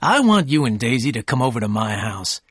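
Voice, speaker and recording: Storybook: man playing an eager, courteous rich gentleman, mid pitch, dry. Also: sing-song, fairly quick, slightly rough, no room sound. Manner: warm, eager host calling others old sport.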